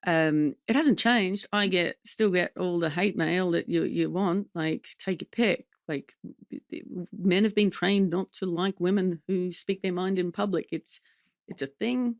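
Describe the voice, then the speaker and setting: A woman talks through a candid podcast conversation as a comedian guest. Her voice has a gravelly, fry-edged texture. She tells stories with a lot of life and slides into quick impressions of the people she quotes. The sound is dry and close, with no room around her. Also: lowish voice, no echo. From Australia. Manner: lively storytelling, slips into impressions of others.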